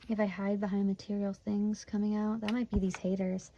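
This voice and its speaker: A woman in her twenties from Michigan, USA, does a casual tarot reading while emotional and close to tears, chatting with lots of "like" fillers. Her medium-pitched voice is flat, brisk, warm, and almost pause-free, recorded with dull audio and slight hiss or hum.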